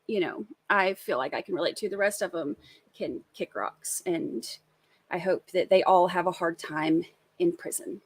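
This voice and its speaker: A woman's voice: mid-range voice, a bit bright, no room sound. Chatty woman co-host. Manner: chatty, emphatic, sincere. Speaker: co-host of a trial recap show. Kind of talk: casual live-stream chat.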